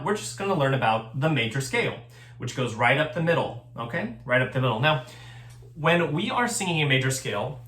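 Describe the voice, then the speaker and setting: A man's voice: medium pitch, sharp tone, roomy sound. A man teaching a recorded choir lesson, explaining things patiently and step by step. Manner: patient, step-by-step instruction with sung examples.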